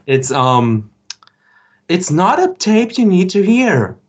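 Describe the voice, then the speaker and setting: Wry, halting man chatting on a podcast. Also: sits high, very animated. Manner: halting, filler-heavy, wry. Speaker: podcast co-host. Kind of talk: casual chat.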